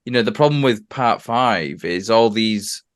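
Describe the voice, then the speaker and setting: A man's voice: lowish voice, measured pace. A man co-hosting a casual film podcast, making his points emphatically. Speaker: podcast co-host. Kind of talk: casual chat.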